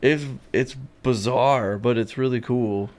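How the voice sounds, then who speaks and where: A man's voice: medium pitch, takes it slowly, a little mellow. A man chatting casually as a podcast co-host, laid-back and quipping. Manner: laid-back, quips and mimics movie lines. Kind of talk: casual chat.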